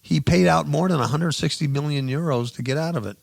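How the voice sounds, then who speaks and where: A man's voice: on the high side, a little fast, vocal fry, dry recording. A man hosting a radio show, giving sarcastic, mocking commentary on news stories.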